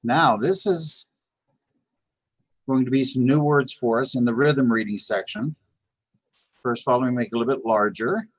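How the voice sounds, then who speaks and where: A medium-pitched man speaks at a moderate pace, pausing often, his voice slightly rough with no echo. Teaching beginners' Hebrew in a live online lesson at a Chabad house, he patiently repeats and sounds out words amid many fillers and restarts.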